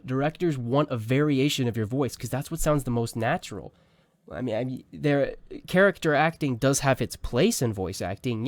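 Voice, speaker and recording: Young male tutor, mid-pitched, loose and chatty, dry close-mic sound. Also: no room sound. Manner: relaxed, rambling, many fillers and restarts. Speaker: voice acting teacher. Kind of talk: casual tutorial talk. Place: small home room.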